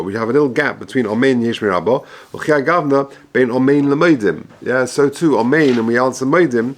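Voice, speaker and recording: Male rabbi teaching a text lesson, reading and translating line by line, steady mid pitch, unhurried. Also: a little hiss or hum. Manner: reads Hebrew-Aramaic text then explains in English, measured and halting.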